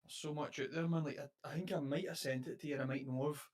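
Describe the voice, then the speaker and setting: A man's voice: a little high, fairly even intonation, fast, a little mellow. A man with a Scottish accent, co-hosting a podcast in casual, rambling chat with plenty of swearing. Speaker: podcast co-host.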